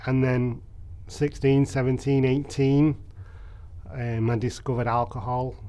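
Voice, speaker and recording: A man tells his own story in an interview. His voice sits at a middle pitch, and he speaks candidly and reflectively, often pausing on soft fillers. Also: little pitch movement. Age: 30s.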